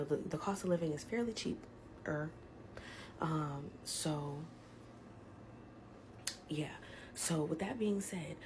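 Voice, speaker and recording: A woman ranting to camera in a whisper, upset after crying, her voice breaking into loud agitated bursts. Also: low voice, slight background noise. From United States.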